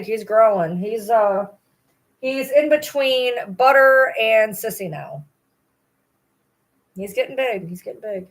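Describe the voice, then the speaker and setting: A woman chatting casually on a livestream, rambling and cooing to her dogs between remarks, blunt and swearing now and then. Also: a little high. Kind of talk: casual chat during a livestream.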